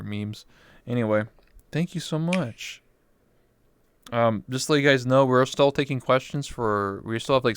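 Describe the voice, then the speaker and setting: A man in his twenties chatting casually on a livestream, excitable and swearing freely. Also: mid-range voice, clean tone, dry recording. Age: 20s. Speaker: VR chat streamer.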